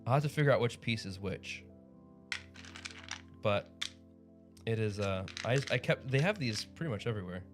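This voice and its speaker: Chill guy hosting a stream, rambling and laughing a lot, soft music in the back. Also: lowish voice, animated, moderate pace, pauses often. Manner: rambling, upbeat, chuckling. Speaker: livestream host. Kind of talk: casual chat.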